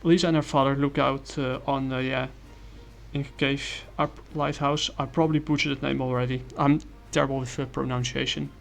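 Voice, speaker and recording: A man's voice: medium pitch, flat delivery, fairly quick, gravelly, soft background music. A man giving a casual comic review, rambling with many fillers and apologies.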